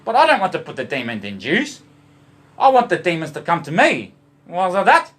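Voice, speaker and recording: With a high-pitched, wildly swooping voice, a brisk pace and a slightly bright tone, an Australian man vlogs to camera. He swears constantly, spins loose wordplay about love and emotion, and keeps calling out to "boys."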